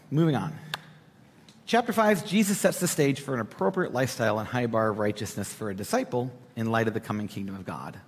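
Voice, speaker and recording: A young man giving a conversational sermon as a preacher, animated and talking straight to the congregation with asides. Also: medium pitch. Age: young adult. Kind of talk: sermon teaching. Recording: hall reverb.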